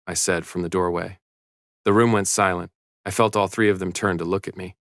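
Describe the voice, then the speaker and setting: Deep-voiced male story narrator. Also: steady tone, a little fast, fairly bright tone, dry recording, clean studio sound. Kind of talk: scripted first-person story narration.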